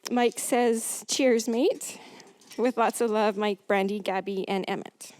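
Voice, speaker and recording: A woman with an English accent reading family tributes aloud at a memorial, measured and pausing to clear her throat. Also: medium pitch, fairly even intonation, a little mellow.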